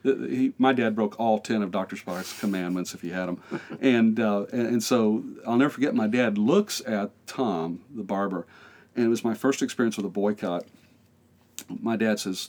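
A man with a low voice tells a story in a podcast interview, full of energy. He acts out the voices of the people in it and laughs as he goes. He is an American pastor in middle age. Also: normal speed, darkish tone.

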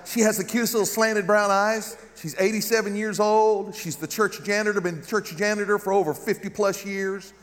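A middle-aged American guest pastor with a Southern accent preaches a humorous sermon in a large church with a balcony, his voice echoing through the big room. His voice is high, his pace moderate with hardly any pauses, and he jokes animatedly while calling for amens.

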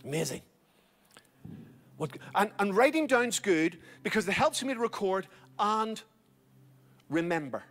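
High-voiced man preaching urgently. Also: big pitch swings, measured pace, long pauses, a bit bright. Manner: urgent exhorting preacher, repeats key phrases. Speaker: pastor. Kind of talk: sermon.

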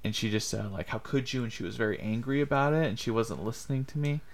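A young man with a mid-range voice talks fast as a podcast co-host in a casual chat. He's earnest and a little rambling, acting out the lines he quotes.

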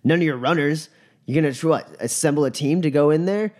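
Male GM voicing a bitter, scornful street runner, sarcastic and loud. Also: fairly high pitch, sing-song, slow pace, voice pushed up, full character voice. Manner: sarcastic, shouting. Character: angry hardened male runner, blunt and scornful.

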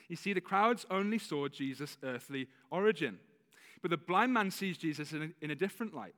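A fairly high-voiced man preaching a sermon in a relaxed, conversational way, with a slight lisp. His voice rings with the long reverb of a church hall. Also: fairly quick. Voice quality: slight lisp on some words. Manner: conversational, with self-corrections and laughs. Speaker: pastor.

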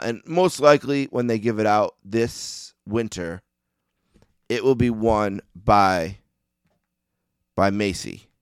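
A man's voice: fairly low pitch, a bit bright, smooth, no room sound, clean studio sound. A man with a Western New York accent hosting a sports podcast, talking alone in a rambling, self-deprecating way with lots of ums and uhs. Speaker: podcast host. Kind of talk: casual solo monologue.

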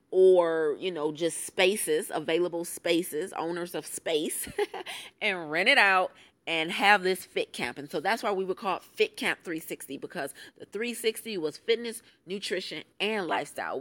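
A woman with a low, full voice talks through her own business lessons in a casual, emphatic way. She leans hard on key phrases and laughs easily as she goes. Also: a bit bright. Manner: emphatic, conversational, laughs often. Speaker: podcast host and fitness business founder. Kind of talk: casual solo podcast talk.

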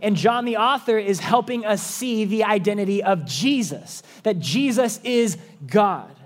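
A man preaching a sermon, slow and emphatic with dramatic pauses. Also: sits high, expressive. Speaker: pastor.

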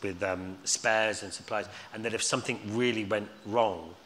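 A man's voice: fairly low pitch, steady tone, moderate pace, fairly bright tone, a little hiss or hum. A man speaking as a guest at a live Q&A, telling stories in a rambling way with lots of restarts and repeated words. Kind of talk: anecdotal storytelling at a live Q&A. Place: stage in a hall before an audience. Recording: live hall reverb, faint ambience.

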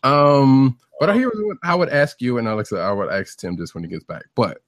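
A man's voice: mid-range voice, a little fast, no room sound, studio quality. A man co-hosting a comic book podcast, talking casually in a rambling, hesitant way. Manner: rambling, hesitant, full of fillers. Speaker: podcast co-host. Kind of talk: casual chat.

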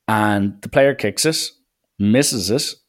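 An Irish podcast host tells stories in a casual, chatty way. His voice sits a little low for a man. He fills his talk with "like" and keeps it loose and animated. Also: takes it slowly. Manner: chatty, animated, full of "like" and acted quotes. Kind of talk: casual storytelling.

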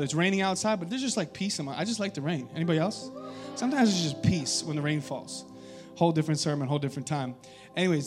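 A young man, a pastor, preaching a sermon, telling a story and building to loud, urgent exhortation. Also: a little high. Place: church sanctuary.

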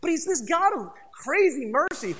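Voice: sits high, big pitch swings, moderate pace, a bit bright. A pastor preaching a sermon, emphatic and conversational, talking straight to the congregation and repeating phrases for stress. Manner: addresses the congregation directly.

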